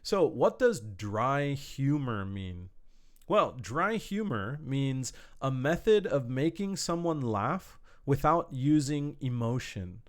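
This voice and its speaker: A man's voice: mid-range voice, sing-song, slow pace. A man teaching an online English lesson to a camera in a room, explaining words patiently with simple examples. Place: indoor room, warm. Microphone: speaking to a camera.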